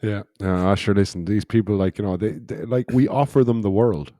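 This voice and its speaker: Man, low voice, casual podcast talk, halting with restarts, dry close mic. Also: mellow, no echo. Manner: halting, many fillers and restarts, quick to laugh. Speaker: podcast co-host. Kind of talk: casual chat.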